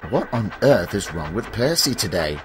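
A man narrating a children's story in a calm, measured way, over loud background music. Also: lowish voice, background noise.

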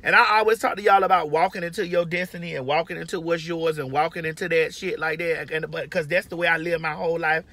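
A woman's voice: lowish voice, steady tone, fast, hardly any pauses, fairly bright tone, no room sound. A woman giving brash, profane, emphatic advice in a casual monologue from her car. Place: inside a parked or moving car.

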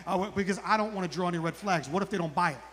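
Fast-talking high-voiced comedian, forties. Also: male voice, fairly bright tone, long reverb tail. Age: 40s. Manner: acts out characters in high put-on voices. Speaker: stand-up comedian. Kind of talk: live stand-up routine. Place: outdoor comedy club stage.

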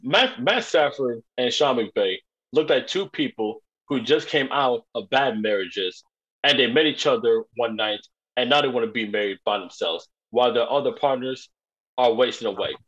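Male podcast co-host, husky, quick joking banter, dull lo-fi sound. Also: medium pitch, fairly bright tone. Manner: joking, fast riffing. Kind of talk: casual sports banter. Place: home podcast studio.

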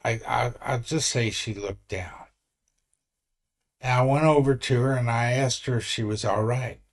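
A man in his late sixties talks slowly and steadily to his camera in a casual vlog. He tells his story earnestly, wandering and restarting his sentences as he goes. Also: mid-range voice. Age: 60s. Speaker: vlogger.

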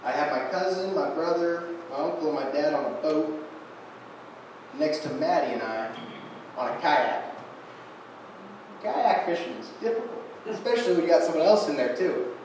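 A man's voice: a little high, expressive, moderate pace, pauses often. A young man giving a guest sermon in a church, telling a fishing story with self-deprecating humor. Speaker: guest preacher. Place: church sanctuary. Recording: echoey church room from far off, noisy.

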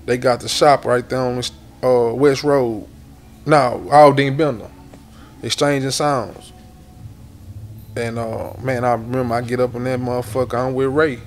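A man's voice: medium pitch, fairly even intonation, measured pace. A middle-aged man with a Houston accent, a rapper telling long rambling stories in a casual interview, repeating words and swearing often. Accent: Houston Southern. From Houston, Texas.

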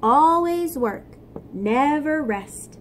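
A woman's voice: sits high, lively intonation, very slow, slight background noise, pitched above the performer's own voice, exaggerated voice. A woman voicing a stern, preachy male worker ant who scolds and lectures in a storybook read-aloud. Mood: scolding.

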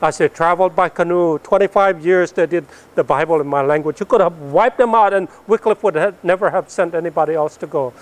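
A middle-aged man delivers a spirited testimony, his somewhat high voice building with excitement and then sinking almost to a hush as each line closes. He speaks as a missionary pilot, in an emphatic, story-driven way. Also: fairly quick, few pauses. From northern Philippines. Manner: animated storytelling that swells up and then drops soft at the ends of lines. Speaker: missionary pilot and Bible translator. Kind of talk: testimony speech to an audience.

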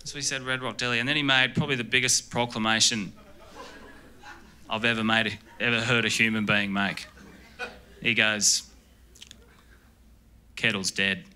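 An Australian man works through a stand-up set on a club stage, deadpan and rambling, tripping over his own sentences. His pitch sits in the middle for a man. The live recording carries clear background noise. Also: moderate pace, pauses often. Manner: rambling, deadpan, self-interrupting. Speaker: stand-up comedian. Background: audience laughter.

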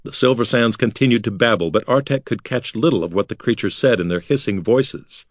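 A man reading a fantasy novel aloud as an expressive audiobook narrator. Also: lowish voice, brisk, no echo, clean studio sound. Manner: lively, expressive storytelling.

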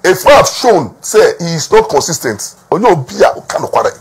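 A man's voice: a little high, big pitch swings, moderate pace, husky. A man with a Ghanaian accent giving emphatic gossip news commentary, repeating words for stress and mixing Twi with English. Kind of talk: talking-to-camera gossip commentary.

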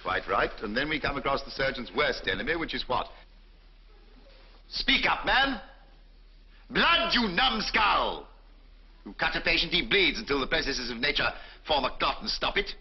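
A man's voice: expressive, quick pace, few pauses, close to an everyday voice. An actor playing a blustering, bullying senior surgeon lecturing his students, in a 1950s film. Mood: bellowing. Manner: booming, bullying, theatrical. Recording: dull old film soundtrack.

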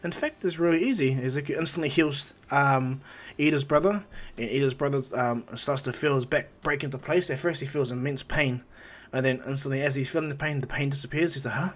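Casual male storyteller, rambling, loose, mid-pitched. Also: fairly even intonation, brisk. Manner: rambling, with fillers and restarts. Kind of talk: casual fan-fiction storytelling.

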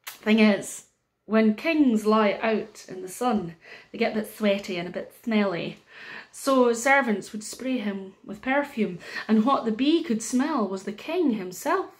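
A Scottish woman telling a story to young children, animated and sing-song, with pauses and chatty asides. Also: a little high. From Scotland.

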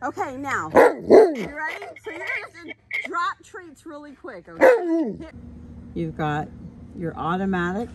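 A woman in her thirties filming her dogs at home, animated and laughing often as she coaches children. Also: sits high, unhurried, long pauses. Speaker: dog owner filming her pets. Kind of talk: casual home video narration. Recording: noisy home video recording.

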